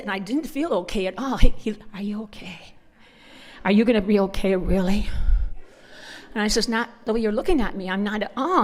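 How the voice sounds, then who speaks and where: A middle-aged woman speaking at a church conference, telling humorous stories and acting out the voices in her dialogue. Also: mid-range voice. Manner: animated storyteller acting out dialogue. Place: church hall. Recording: long hall reverb.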